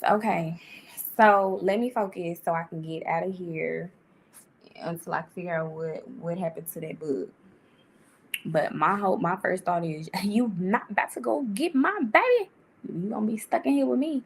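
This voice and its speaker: A woman vlogger talks to camera from a room at home, loose and chatty, her pitch leaping up when she gets excited. Her voice sits low with a gravelly edge. A faint hiss runs underneath. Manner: chatty, animated, laughs often, sudden pitch jumps. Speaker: vlogger giving life advice. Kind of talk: casual talk to camera. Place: indoor room.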